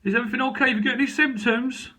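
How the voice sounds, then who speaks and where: A man putting on a high, mock-polite voice to imitate police officers at his door. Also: fairly even intonation, rapid-fire, sharp tone, a little hiss or hum.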